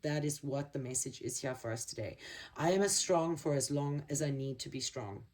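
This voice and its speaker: Earnest low-voiced woman reading tarot cards. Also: darkish tone, far from the mic. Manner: earnest, halting, searching for words. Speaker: tarot reader. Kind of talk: spiritual card reading to camera.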